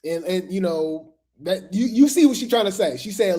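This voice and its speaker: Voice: mid-range voice, animated, normal speed, few pauses, warm tone. Casual gossip host, mid-range voice, talks straight to camera with lots of asides. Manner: chatty, repeats phrases, gossipy asides to viewers. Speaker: commentary host. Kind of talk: casual drama commentary.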